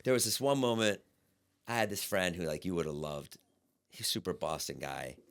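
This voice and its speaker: A man's voice: low-pitched, a little fast, gravelly, clean tone. A man hosting a podcast, chatting casually and trading stories with his guest. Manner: laid-back listener with lively asides. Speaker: podcast host. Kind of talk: casual chat.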